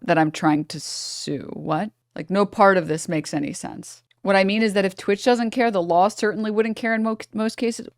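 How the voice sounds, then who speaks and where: A woman's voice: a little high, lively intonation, moderate pace, no echo, studio quality. A woman streaming, talking to her chat in a sarcastic, exasperated reaction commentary.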